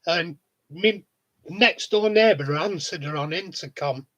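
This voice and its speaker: A man's voice: on the high side, unhurried, fairly bright tone, highs cut off. A man in a casual monologue vlog, talking bluntly, swearing freely and chuckling often. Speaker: vlogger.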